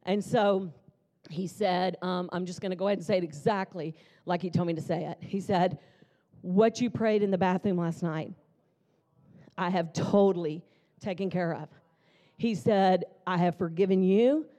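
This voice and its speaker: A woman pastor in her fifties preaches a conference sermon in a mellow, warm voice. She tells her story in a chatty, lively way, full of asides to the crowd. Her voice carries the long reverb of a big church hall. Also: on the low side, normal speed. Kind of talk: conference sermon with personal testimony.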